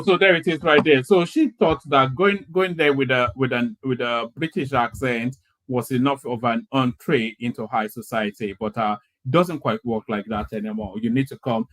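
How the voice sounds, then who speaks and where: A man with a mid-range voice hosts a live commentary show. He talks in bursts, stumbling and repeating words as he introduces each clip and gives his reactions. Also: medium pitch. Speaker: commentator host.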